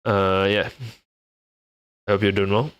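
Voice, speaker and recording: A man's voice: lowish voice, flat delivery, unhurried, a bit bright, smooth, muffled recording. Laid-back young man streaming. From Indonesia. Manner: laughs often, restarts, mixes English with Indonesian. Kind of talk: casual live-stream chat.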